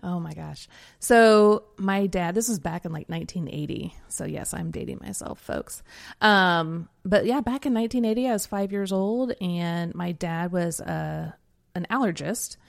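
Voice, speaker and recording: A woman's voice: on the low side, unhurried, creaky. A woman in her forties, co-hosting a podcast, telling stories in a reflective, chatty way with many fillers. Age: 40s. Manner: reflective storytelling with frequent fillers and laughs. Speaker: podcast co-host and Enneagram coach. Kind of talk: casual podcast conversation.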